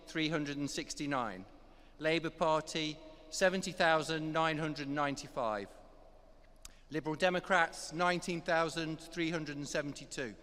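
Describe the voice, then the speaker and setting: A man acting as returning officer, reading election results in a measured, formal way in a large count hall. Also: on the high side, fairly bright tone. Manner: measured, reads out figures one by one. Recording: long reverb of a big hall.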